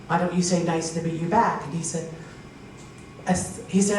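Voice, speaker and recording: A woman from Pennsylvania performs a stand-up set with a slightly low voice, acting out the people in her stories and laughing along at her own punchlines. She is recorded from a distance in a very echoey hall, with faint noise behind her. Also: big pitch swings, unhurried, pauses often. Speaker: stand-up comedian. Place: live comedy show with an audience.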